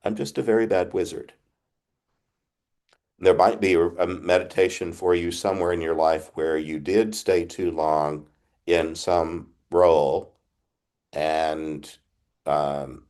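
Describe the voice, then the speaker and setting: An older man, a priest, giving a reflective retreat talk over a video call, halting with frequent restarts. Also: low-pitched. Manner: halting, many restarts, gentle laughs.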